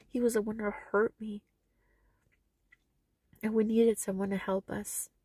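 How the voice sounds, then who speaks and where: A woman's voice: mid-range voice, flat delivery, a little slow, mellow, slightly rough, no echo, studio quality. A middle-aged woman telling a personal story in a vlog, earnest and emotional as she retells conversations. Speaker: vlogger.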